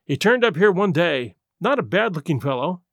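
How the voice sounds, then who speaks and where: A nervous young secretary, voiced by a man in an audiobook, talking in a jittery, hurried way. The voice is high, lively and dry. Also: dry recording, heavily acted. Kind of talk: audiobook character voice.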